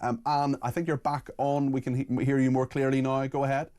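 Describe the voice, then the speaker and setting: A man hosting a radio phone-in, talking quickly with frequent restarts. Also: mid-range voice, flat delivery, darkish tone. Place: radio studio.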